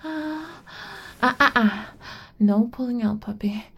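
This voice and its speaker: A domineering older-sister figure voiced by a woman in an adult audio role-play. She speaks slowly and teasingly, with a gravelly, fry-edged tone. Her manner is commanding and breathy. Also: fairly high pitch, a bit bright, exaggerated voice. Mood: soft, whispery.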